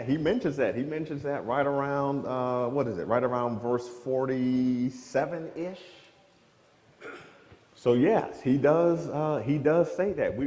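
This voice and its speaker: Male Bible class leader, questioning manner, dark tone, recorded in a reverberant church room. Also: medium pitch. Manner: questioning, draws on the class, restarts phrases. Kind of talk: interactive Bible class teaching.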